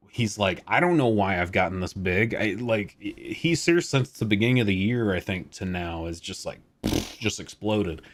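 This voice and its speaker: A man in his thirties chatting casually on a live stream, rambling, laid-back and swearing freely. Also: low voice. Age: 30s.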